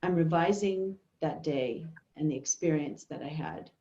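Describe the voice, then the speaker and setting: A middle-aged woman giving a workshop talk and telling a personal story, unhurried and thoughtful, pausing often. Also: deep voice, dark tone. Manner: unhurried, thoughtful, with many pauses and fillers. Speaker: workshop speaker. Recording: dull, echoey room recording.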